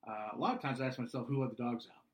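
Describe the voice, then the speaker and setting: A middle-aged man, a single dad and podcast co-host, answering questions in deadpan comic chat that slips into song lyrics and sometimes swells to shouts. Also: medium pitch, very fast.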